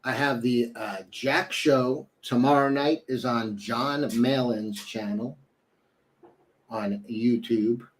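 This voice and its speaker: A man's voice: medium pitch, steady tone, slow pace, a little hiss or hum. A young adult man co-hosting a casual talk show, rambling with lots of fillers. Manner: rambling, fillers, tells jokes with put-on voices. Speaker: co-host. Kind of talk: casual chat.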